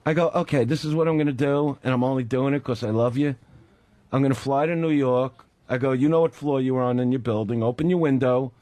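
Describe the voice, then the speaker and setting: A man's voice: medium pitch, quick pace, no room sound. A man telling a long story as a radio show guest, acting out both sides of a phone call. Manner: animated, acts out both sides of phone calls. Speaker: guest comedian.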